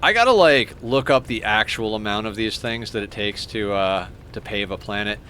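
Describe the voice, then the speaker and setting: A man's voice: on the low side, animated, moderate pace, pushed and bright, slight background noise. A young man streaming a game, chatting casually, rambling and stammering as he thanks viewers. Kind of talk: casual live-stream chat while playing.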